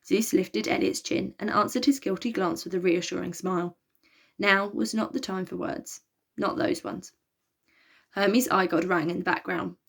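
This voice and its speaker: A woman reading a children's novel aloud, in a lively, expressive way. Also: on the low side, normal speed, gravelly. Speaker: storybook reader.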